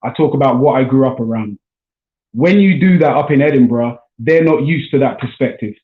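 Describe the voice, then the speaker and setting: South London comedian on a tinny call. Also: male voice, medium pitch, brisk. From South London, England. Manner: relaxed, chatty, says man and bro often. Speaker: stand-up comedian guest. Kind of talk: casual chat. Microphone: video call. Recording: echoey, tinny call audio.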